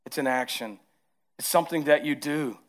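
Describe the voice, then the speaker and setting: A man with a Southern accent preaching a sermon as pastor, moving between hushed, tender lines and emphatic rises. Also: on the high side, moderate pace.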